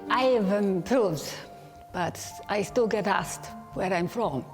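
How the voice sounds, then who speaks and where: A woman in her fifties from England whose speech has a foreign-sounding accent like Polish or Russian, speaking slowly and with effort, grammar sometimes broken, as she tells her own story. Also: mid-range voice, big-room sound, music in the background. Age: 50s. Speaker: interviewee. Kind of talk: personal testimony.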